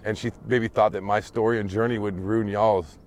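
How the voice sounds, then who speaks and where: A man's voice: lowish voice, normal speed, slight background noise. Man telling a wild story, cursing. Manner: animated, profane, emphatic. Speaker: storyteller in a group chat. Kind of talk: casual storytelling.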